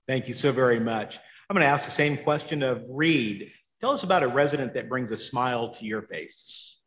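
A man's voice: medium pitch, animated, normal speed, a bit bright. A man moderates a panel and asks polite, brief questions. His voice rings out in an echoey hall with a long reverb tail.

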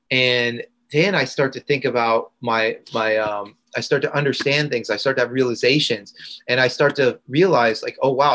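A man, a podcast guest, telling a long personal story in an earnest, halting way with fillers and restarts. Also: mid-range voice, a bit bright, rough recording. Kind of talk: storytelling in a conversation.

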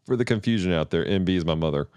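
A man hosting a casual podcast, steering the talk and reading aloud briskly. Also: deep voice, clear, resonant tone, no room sound. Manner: animated, reads aloud briskly and keeps the talk on track. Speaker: podcast host steering the episode.

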